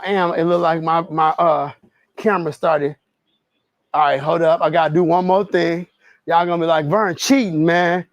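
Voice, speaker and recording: A man's voice: on the high side, no echo, highs cut off. A man on a treadmill livestreaming, telling stories in loose slang and laughing easily. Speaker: streamer. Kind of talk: casual livestream chat. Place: home garage gym on a treadmill.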